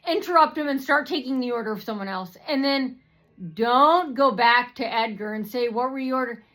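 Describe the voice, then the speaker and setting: A woman's voice: a little high, moderate pace, fairly bright tone. A woman vlogger ranting to her viewers in a rambling, repetitive way, full of fillers and swearing. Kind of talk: rambling personal rant to camera.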